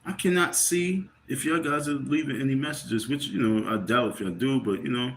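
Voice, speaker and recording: A man's voice: mid-range voice, normal speed, fairly bright tone. A man on a casual livestream, tired and irritated, rambling and repeating himself as he talks to his viewers. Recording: roomy with faint background noise.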